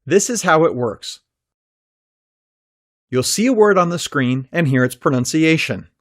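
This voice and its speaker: A man teaching an English pronunciation lesson from a script, with a careful, clearly articulated delivery. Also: on the high side, expressive, unhurried, fairly bright tone, no echo, clean studio sound.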